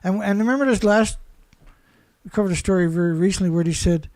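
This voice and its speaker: A man's voice: high voice, quick pace, darkish tone, dry recording. A man commentating alone in a sarcastic, mocking way, firing off rhetorical questions, laughing and leaning hard on key words. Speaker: environmental commentator.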